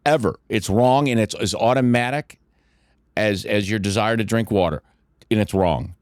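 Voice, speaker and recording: A man's voice: fairly low pitch, normal speed, clean tone, no echo, studio quality. An older man co-hosting a podcast, giving blunt, emphatic life advice and swearing freely. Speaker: podcast co-host and mentor. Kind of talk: casual motivational talk.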